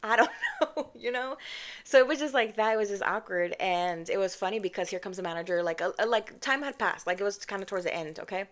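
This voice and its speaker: A young woman chats through a storytime at a mid pitch, sassy and animated. She calls her viewers babes and y'all and slips into mock voices to act out other people. Her own microphone sits close. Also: fast talker. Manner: chatty and expressive, mimics others with mock voices. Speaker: vlogger. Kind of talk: casual storytime monologue. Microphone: personal microphone.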